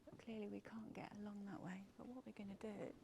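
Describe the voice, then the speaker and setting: A woman's voice: mid-range voice, steady tone, fast talker, creaky. Chatty English woman vlogging outdoors. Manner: chatty, often drops to a murmur. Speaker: vlogger touring in a wheelchair. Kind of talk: casual outdoor vlog narration. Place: outdoors on a quiet clifftop. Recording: noisy outdoor camera audio.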